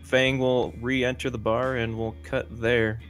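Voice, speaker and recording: A man's voice: medium pitch, little pitch movement, slow pace, soft background music. A man narrating as game master of a tabletop role-playing game, loose and full of fillers.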